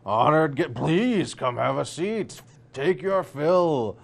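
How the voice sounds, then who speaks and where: Man doing a gluttonous giant mayor, booming, raised pitch, mouth full, jolly. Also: lively intonation, slow, vocal fry, full character voice. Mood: boisterous. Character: gluttonous hulking male mayor, loud and jolly.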